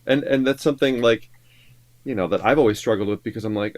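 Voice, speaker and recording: A man's voice: medium pitch, a little fast, a little mellow, no room sound. A man co-hosting a live reaction stream, talking casually and musing with plenty of fillers. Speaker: co-host and songwriter.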